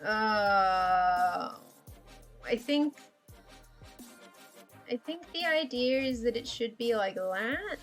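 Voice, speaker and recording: A woman's voice: medium pitch, animated, unhurried, fairly bright tone, soft background music. A woman chatting casually and rambling while she draws on a livestream, swearing, laughing and putting herself down. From Australia. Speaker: livestreaming artist. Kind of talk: casual chat while drawing on stream.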